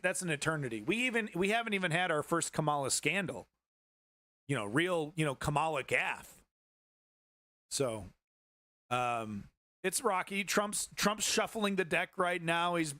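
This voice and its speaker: A man's voice: a little high, normal speed, bright, forceful tone, no room sound. A man hosting a livestream news show, giving casual political commentary in a rambling, profane way, with many restarts.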